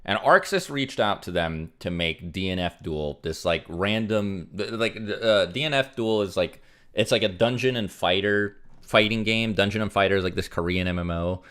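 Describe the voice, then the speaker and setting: A man's voice: low-pitched, moderate pace, a bit bright, smooth. A young man casually chatting on a livestream, rambling with many fillers as he reads out donations. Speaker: streamer.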